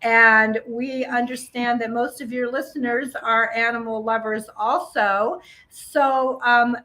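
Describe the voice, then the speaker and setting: A woman's voice: on the high side, steady tone, slow, sharp tone, low-quality recording. A middle-aged woman, a pet nutrition specialist, explaining in a friendly way as a guest with many ums. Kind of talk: casual interview talk.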